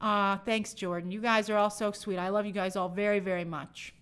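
A woman speaks briskly in a medium-pitched voice that is steady, smooth and a little bright. She hosts a movie channel live stream, reading viewer comments aloud and answering them casually and with strong opinions.

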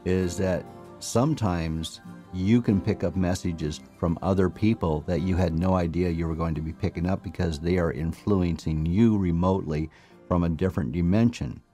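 A man teaching and counseling, telling personal anecdotes in a relaxed, conversational lecture. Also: low voice. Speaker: mind-method teacher and counselor. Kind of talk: storytelling lecture.

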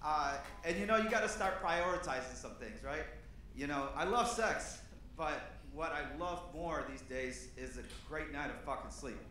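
A man's voice: fairly high pitch, expressive, moderate pace, heavy reverb, noisy background. A man in his thirties, originally from Peru, doing a stand-up set in a comedy club with a loose, rambling delivery full of fillers. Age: 30s.

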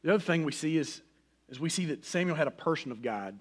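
A middle-aged man preaching a sermon in a folksy, personal way, swinging from loud emphasis to a hushed near-whisper. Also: fairly high pitch, animated, fast talker. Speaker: pastor.

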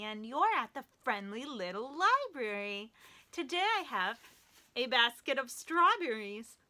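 A woman hosting children's story time as a librarian, reading picture books aloud in an animated, sing-song way and counting along. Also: fairly high pitch.

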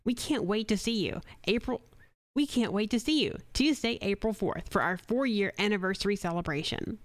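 A woman's voice: mid-range voice, normal speed, no room sound. A woman voicing a local radio commercial with an upbeat, punchy announcer delivery. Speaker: commercial voice-over artist.

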